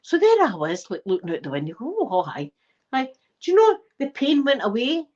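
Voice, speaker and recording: A woman's voice: high-pitched, huge pitch swings, a little fast, darkish tone. Breathless chatty older Scottish woman. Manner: chatty, cheeky storyteller. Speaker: channel host. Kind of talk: casual chat. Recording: slightly dull lo-fi recording.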